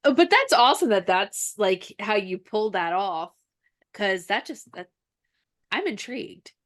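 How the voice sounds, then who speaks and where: A woman who is a podcast host and author chats casually, telling stories animatedly and acting out bits of dialogue. Her voice is mid-range and unhurried.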